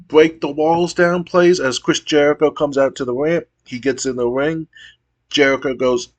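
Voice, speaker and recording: Man, game streamer, wrestling sim recap, casual asides, slightly high voice. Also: fairly even intonation, unhurried, pauses often. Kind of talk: narrating a wrestling sim playthrough.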